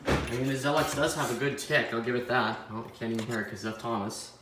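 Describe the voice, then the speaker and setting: A man's voice: medium pitch, steady tone, quick pace. A young man hosting a casual vlog, rambling and joking at his own expense as he talks to himself. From Canada. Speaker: clock collector host. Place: indoor room with ticking clocks. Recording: roomy echo, faint background noise.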